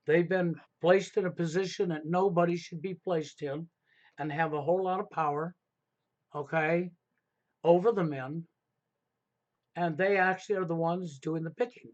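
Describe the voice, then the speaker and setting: Middle-aged man, high voice, emphatic advice-giving host, muffled lo-fi stream audio. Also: moderate pace, long pauses. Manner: emphatic, repeats "okay?" to drive points home. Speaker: livestream host. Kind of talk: casual advice talk on a live stream.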